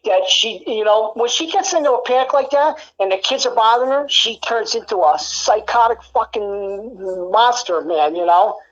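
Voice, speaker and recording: A woman's voice: on the high side, normal speed, hardly any pauses, muffled recording. A woman angrily venting in a casual conversation at home, swearing often and full of fillers. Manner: angry, profane venting, many fillers.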